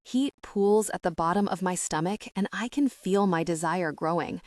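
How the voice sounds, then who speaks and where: Woman narrating a romance audiobook softly. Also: lowish voice, moderate pace, dry recording, clean studio sound. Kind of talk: first-person romance narration.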